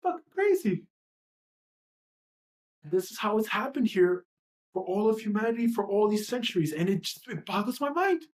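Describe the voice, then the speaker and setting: A woman's voice: mid-range voice, very animated, moderate pace, long pauses, a little mellow. Heated, profane woman ranting. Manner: profane, heated, repetitive rhetorical questions. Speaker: livestream host. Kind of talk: impassioned livestream rant.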